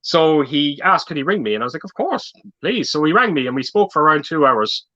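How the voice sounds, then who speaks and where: A man chatting on a livestream, his voice a touch high and bright. He rambles through his stories, tripping over repeated words. The audio sounds muffled and lo-fi. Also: animated, fast. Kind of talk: casual livestream chat.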